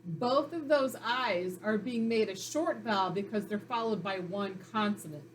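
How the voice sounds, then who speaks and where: A woman's voice: medium pitch, moderate pace, a little hiss or hum. A woman teaching a phonics lesson to young children, sounding out letters and syllables in a patient, encouraging way. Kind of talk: recorded reading lesson for children.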